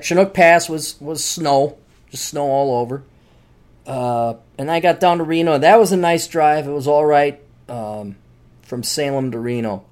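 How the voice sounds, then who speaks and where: A man hosting his own podcast, talking in a rambling, animated solo monologue with jokey asides. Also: a little high. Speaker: podcast host.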